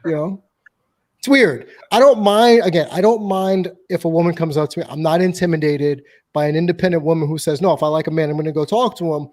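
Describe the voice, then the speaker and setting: High-voiced blunt male podcast host. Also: a little fast. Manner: blunt, opinionated, animated storyteller. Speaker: host and dating coach. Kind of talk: casual podcast chat.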